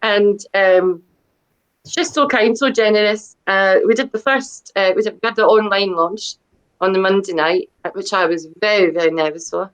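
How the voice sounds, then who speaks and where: A middle-aged woman chats as a debut author guest on a video call. She talks in a loose, rambling way, full of fillers and restarts, and keeps playing herself down. Her pitch sits in the middle for a woman. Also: normal speed, low-quality recording. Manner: chatty and self-deprecating, many fillers and restarts. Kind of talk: casual interview chat.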